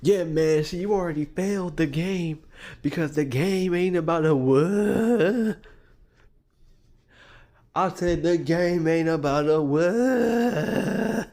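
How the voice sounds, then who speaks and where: A man's voice: fairly high pitch, slow, creaky, a little mellow, voice pushed up. A man voicing a smug male dating coach who lectures his viewers in a preachy, mocking way. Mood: swaggering.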